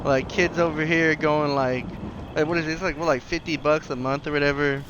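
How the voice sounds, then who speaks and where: A man's voice: fairly high pitch, steady tone, fairly quick, noisy background. A young man chatting casually on a podcast, rambling with lots of "like" and "right?", acting out the people in his stories. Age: young adult. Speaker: podcast co-host. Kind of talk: casual chat.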